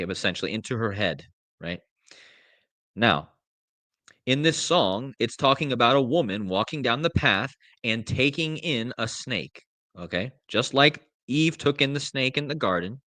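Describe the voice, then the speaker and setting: A man hosting a live commentary show, speaking slowly and emphatically, repeating himself and addressing his viewers directly. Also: medium pitch, animated, a bit bright, no echo. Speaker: host. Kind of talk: live commentary reading lyrics aloud.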